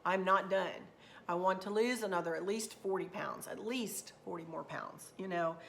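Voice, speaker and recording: A woman's voice: lowish voice, normal speed, gravelly. Middle-aged woman, chatty unscripted vlogger, meandering delivery, light room noise behind. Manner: rambling, repeats herself, southern turns of phrase. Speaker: craft channel host. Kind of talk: unscripted casual vlog talk.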